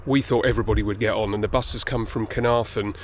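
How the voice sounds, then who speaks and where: A man's voice: on the low side, fairly even intonation, fast talker. Man, casual vlog chat, slightly out of breath, self-deprecating, outdoors on a mountain path, phone held close, faint outdoor hum. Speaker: hiker vlogger. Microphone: handheld phone camera held close.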